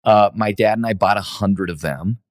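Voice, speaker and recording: A man being interviewed as a guest, talking through his past with lots of pauses and restarts. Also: on the low side, no echo, studio quality. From United States. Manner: many fillers and restarts, reflective. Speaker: guest, company CEO. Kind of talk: relaxed interview storytelling.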